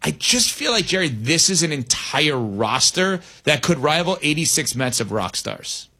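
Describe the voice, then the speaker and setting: A man's voice: a little high, sing-song, moderate pace, pushed and bright, slightly rough. A man in his forties co-hosting a casual sports chat and talking as a lifelong fan.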